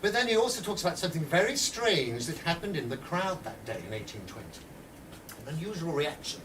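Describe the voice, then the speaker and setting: A man telling a historical story in a lively way, speaking directly to his listeners and acting out voices, heard from a distant mic with faint room noise. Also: a little high, fairly quick.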